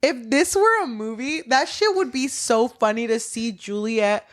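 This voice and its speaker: A young woman co-hosting a casual book podcast, animated and laughing often as she retells scenes. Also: on the high side, a little slow. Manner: animated, laughs often, acts out characters' lines. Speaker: podcast co-host.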